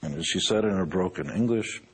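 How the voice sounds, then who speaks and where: Deep husky boastful older man. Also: normal speed. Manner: boastful, joking, emphatic. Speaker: musician and entrepreneur. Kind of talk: motivational talk.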